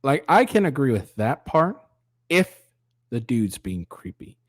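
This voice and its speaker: A man hosts a commentary channel with sarcastic, profane reaction commentary, often mimicking other people's voices. His middle-pitched delivery is sing-song and unhurried, sounding dry and close with no room echo.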